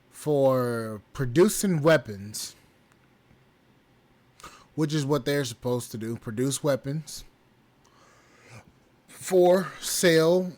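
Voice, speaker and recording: A man's voice: mid-range voice, darkish tone. A young man hosting a podcast, talking bluntly and profanely in an exasperated, repetitive way. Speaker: podcast host. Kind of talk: casual commentary.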